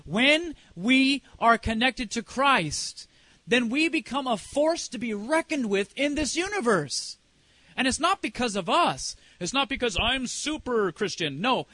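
A man's voice: very high voice, pushed and bright, no echo. A middle-aged man preaching a sermon as a preacher and singer, telling a personal story in a conversational way and asking the congregation questions.

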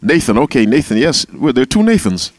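A man's voice: mid-range voice, big pitch swings, fairly quick, slight background noise. A man leading an interactive Bible class, calling on members by name and repeating key phrases. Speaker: Bible teacher.

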